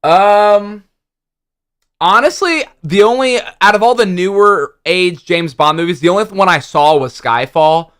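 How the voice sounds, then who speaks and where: A young man co-hosting a livestream, chatting in an excitable, slangy way. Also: sits high, a little slow, clean tone. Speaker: stream co-host. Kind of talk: casual stream chat.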